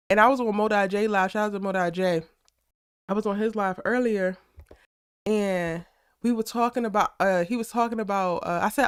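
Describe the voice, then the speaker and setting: A woman hosting a casual live aftershow, animated and slangy, talking straight to her chat. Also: on the high side, normal speed, clean tone, dry recording, studio quality. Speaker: YouTube live aftershow host.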